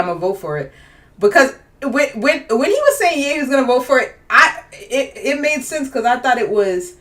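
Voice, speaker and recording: A woman co-hosting a casual podcast chat, animated and laughing, acting out the people she talks about. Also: medium pitch, recorded from a distance. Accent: Boston. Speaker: podcast co-host.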